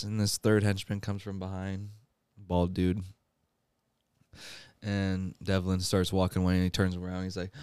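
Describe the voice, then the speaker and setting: A man's voice: deep voice, monotone, normal speed, a little mellow, smooth, no room sound, studio quality. A man hosting a podcast, retelling a movie plot in casual chat, laughing often and acting out the characters' lines. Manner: laughs often while recounting, acts out quoted lines. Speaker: podcast host.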